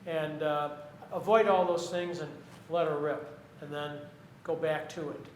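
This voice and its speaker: Man, poet, audience Q&A, halting and chatty, high voice, echoey room. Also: fairly even intonation, slight background noise. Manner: chatty, halting, restarts mid-sentence. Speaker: poet reading his work. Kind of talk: audience Q&A after a reading.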